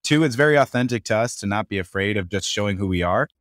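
A man guest from Florida on a podcast interview, telling a story in an upbeat, animated way. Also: lowish voice, quick pace, no room sound, studio quality. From Tampa Bay, Florida. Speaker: guest entrepreneur.

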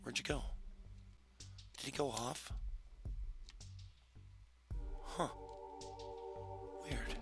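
A man's voice: medium pitch, steady tone, slow, creaky, music in the background. A man playing a video game and commenting as he goes, taunting and cursing at his opponents, often in a muttered half-whisper. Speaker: gamer. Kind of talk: gameplay commentary.

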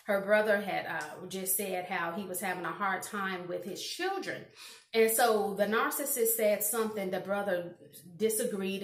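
A woman vlogger giving casual advice to camera in an earnest, rambling way with many restarts. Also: medium pitch. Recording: roomy echo.

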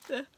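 A middle-aged woman chatting casually to her vlog viewers at night, emotional and tired, often dropping into a near-whisper. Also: slight background noise. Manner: emotional, soft-spoken, drifts into whispers. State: teary and tired at bedtime. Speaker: vlogger.

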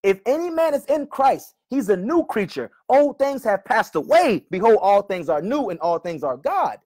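A male preacher arguing with a commenter online, often calling him brother and reading scripture slowly and repeatedly. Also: high voice, sing-song, darkish tone. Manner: argumentative, keeps addressing "brother", reads verses slowly and repeats them.

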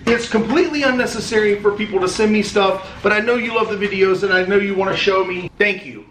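A man's voice: sits high, quick pace, a bit bright, a little hiss or hum. A man opening fan mail on a casual vlog, chatty and rambling, swearing now and then. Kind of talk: casual chat. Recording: echoey room.

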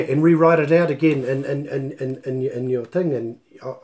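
Kiwi guy tutoring te reo live off a laptop mic, mellow voice, rambles and tells stories. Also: medium pitch. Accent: New Zealand. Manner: rambling, chatty, storytelling, sprinkles in Māori words. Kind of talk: casual live online lesson. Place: at home on a live video stream. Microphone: laptop microphone.

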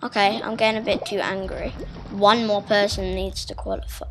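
A woman giving live gameplay commentary, muttering to herself, then bursting into shouts at setbacks. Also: medium pitch, moderate pace, over music. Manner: excitable, swings from muttering to shouted outbursts. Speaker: gaming channel host.

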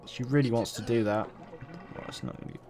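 A young man casually commentating his gameplay, swearing a lot, getting excited and reading game options aloud. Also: medium pitch, fast, faint music behind. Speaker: let's play host.

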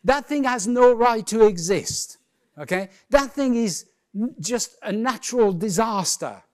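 A man's voice: sits high, animated, unhurried, darkish tone. A man giving a humorous, conversational keynote talk on a conference stage, full of playful asides. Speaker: keynote speaker.

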